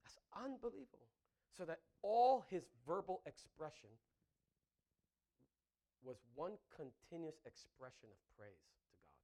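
Man preacher, high voice, wildly swinging pitch, laughs mid-thought, calls for amens. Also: unhurried, pauses often. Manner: animated, often asks the congregation "Amen?"; breaks into laughter mid-sentence. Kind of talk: sermon.

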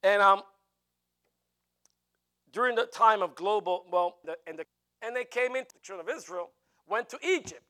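A man preaching a sermon in an animated way, with jokey asides. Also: sits high, moderate pace, pauses often, smooth.

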